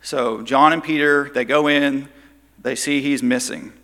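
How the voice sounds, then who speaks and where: Bright-voiced man teaching in a hall. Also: mid-range voice, steady tone, unhurried. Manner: storytelling, briefly acting out quoted lines. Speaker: Bible teacher. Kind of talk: Bible study teaching.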